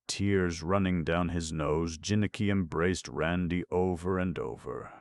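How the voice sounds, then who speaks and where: A man narrating a classic children's fantasy audiobook in a measured, expressive reading. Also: low-pitched, no room sound. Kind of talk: scripted storybook narration.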